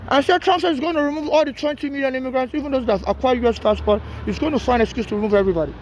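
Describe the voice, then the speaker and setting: A man with a strikingly high-pitched voice, talking straight to camera. He rambles and pleads, circling back and repeating himself with urgency. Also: very fast, a little hiss or hum. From Nigeria. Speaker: homeless man filming a plea. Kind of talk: urgent direct-to-camera plea.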